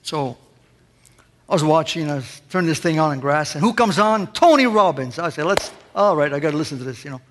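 High-voiced preacher in a ringing hall. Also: male voice, animated, a little fast, a little hiss or hum. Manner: impassioned, fires rhetorical questions at the congregation. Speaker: pastor. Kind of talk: sermon.

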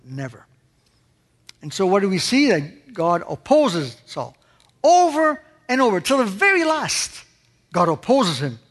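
High-voiced man preaching in a reverberant hall. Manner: impassioned preaching, rising high on questions and dropping to a hush. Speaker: pastor. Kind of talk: sermon.

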